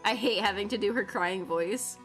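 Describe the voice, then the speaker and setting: A woman's voice: medium pitch, normal speed, a bit bright. A young woman streaming a game, chatting casually in a blunt, joking way and swearing now and then. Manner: blunt, jokey, swears, laughs at the lines. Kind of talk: casual commentary while reading a game. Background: lofi background music.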